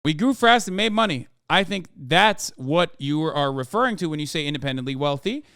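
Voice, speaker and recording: Man putting on a smooth Icelandic accent, reading a letter, brief. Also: a little high, lively intonation, fairly quick, a bit bright, dry recording, studio quality. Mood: pointed. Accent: put-on Icelandic.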